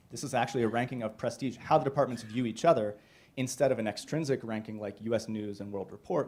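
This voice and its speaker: A man's voice: mid-range voice, darkish tone. A young adult man giving a short scientific talk, explaining his slides step by step. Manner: explanatory, walks listeners through slides step by step. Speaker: postdoctoral researcher giving a flash talk.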